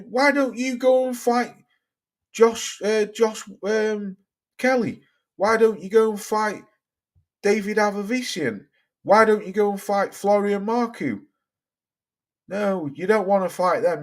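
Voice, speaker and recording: A middle-aged man hosting a boxing livestream, ranting casually and swearing with exasperation as he reads out viewer comments. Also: sits high. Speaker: boxing channel host.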